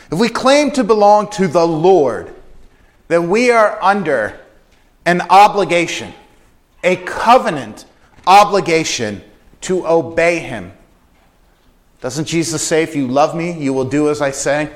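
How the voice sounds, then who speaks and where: Emphatic preacher, a man with a higher voice. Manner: earnest, emphatic, repeats phrases for stress. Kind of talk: sermon.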